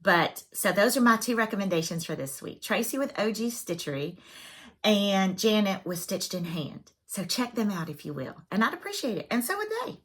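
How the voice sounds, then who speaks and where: A woman's voice: medium pitch, lively intonation, normal speed, a bit bright, breathy edge. A woman chatting casually as a cross-stitch vlogger, self-deprecating and full of fillers. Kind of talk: casual chat.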